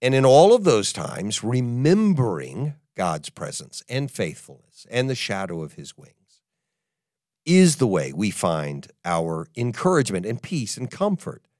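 Older man, pastor, sermon, animated storytelling, lively swooping pitch, dry close sound. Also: unhurried, dry recording. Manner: animated storyteller, acts out quotes.

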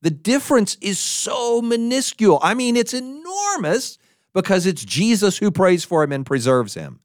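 Preacher guy, fairly high voice, bounces all over the place, dry close sound. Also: moderate pace, dry recording. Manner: animated, acts out quotes in voices. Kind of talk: sermon.

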